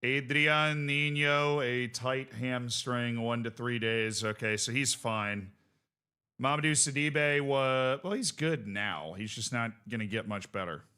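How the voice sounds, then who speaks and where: A man streaming a football management game, calling the match play-by-play and shouting in excitement. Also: mid-range voice, measured pace, clean tone. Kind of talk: live gameplay commentary.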